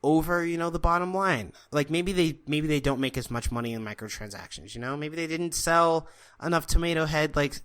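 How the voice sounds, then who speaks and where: A man's voice: a little high, brisk, fairly bright tone, clear, resonant tone. A man co-hosting a podcast, talking casually and at length with strong opinions and many fillers. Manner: opinionated, rambling, filler-heavy. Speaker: podcast co-host. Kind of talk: casual chat.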